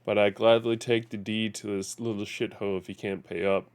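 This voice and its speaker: A sneering gangster from a crime video game, read aloud by a man in a low voice. He taunts and threatens a shopkeeper with slow, mocking menace. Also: little pitch movement, clean tone, natural voice. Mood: taunting. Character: menacing male gangster extorting a chef.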